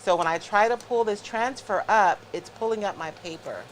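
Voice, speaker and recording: A woman's voice: mid-range voice, moderate pace, slight background noise, rough recording. A middle-aged woman hosting a live craft show, chatting casually and explaining each step to her viewers.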